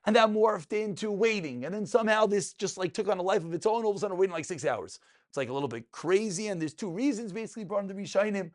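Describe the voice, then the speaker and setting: A man teaching a lively Talmud class to students in a room, asking and answering his own questions and joking along the way. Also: sits high, fast talker. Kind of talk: lively spoken Torah class.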